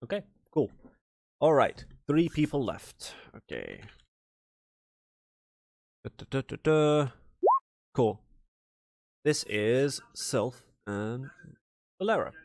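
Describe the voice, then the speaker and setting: A man's voice: medium pitch, sing-song, takes it slowly, pauses often, a little mellow. A man narrating a tabletop game as game master, in a rambling, casual way full of fillers.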